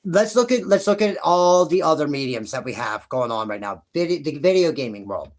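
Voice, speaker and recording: A man's voice: a little high, animated, normal speed. A young man ranting to camera about wrestling, profane and heated, rambling with frequent restarts and asides to his viewers. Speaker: YouTube wrestling commentator. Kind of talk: ranting vlog commentary.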